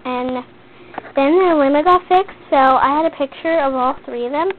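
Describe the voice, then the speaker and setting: A woman's voice: high voice, normal speed. A teenage girl telling a long story in a chatty, rambling way, full of "like.". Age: teens. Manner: chatty, rambling, heavy use of "like". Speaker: vlogger. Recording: tinny lo-fi webcam audio with faint hiss.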